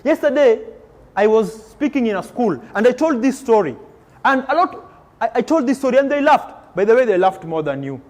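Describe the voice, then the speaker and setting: Energetic male motivational speaker, high and animated, leading chants in a reverberant school hall. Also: normal speed. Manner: energetic call-and-response, code-switching. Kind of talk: motivational talk to students. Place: school hall with student audience.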